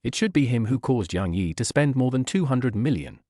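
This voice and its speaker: A man's voice: mid-range voice, animated, normal speed, mellow, no room sound, studio quality, lightly acted. A man voicing a proud young woman who speaks coldly, in a storybook reading. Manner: cold, cutting.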